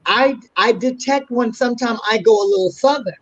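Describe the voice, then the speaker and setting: A woman's voice: fairly high pitch, fairly quick, no room sound. A woman with a New York accent, a guest telling stories in a casual interview chat. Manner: chatty storyteller, lively asides. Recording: dull muffled remote audio.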